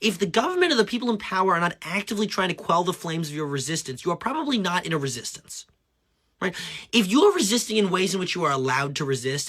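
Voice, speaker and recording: A man's voice: sits high, bright, forceful tone. A man delivering a blunt, profane rant straight to the listener, hammering his points and checking in with "right?". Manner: blunt, profane, emphatic, keeps asking "right?". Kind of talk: direct-to-camera rant.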